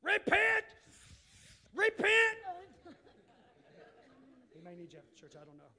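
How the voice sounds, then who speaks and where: A high-pitched man delivering a sermon. He drops to quiet, confiding asides, then rises into loud, emphatic calls. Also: flat delivery, rapid-fire, vocal fry. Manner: preaching with sudden shouted bursts and quiet asides. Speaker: pastor.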